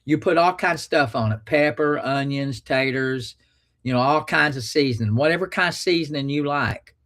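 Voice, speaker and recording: Male call-in host, folksy and crude, fairly high voice. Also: moderate pace, a bit bright. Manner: folksy, crude, rambling humor. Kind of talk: casual call-in talk.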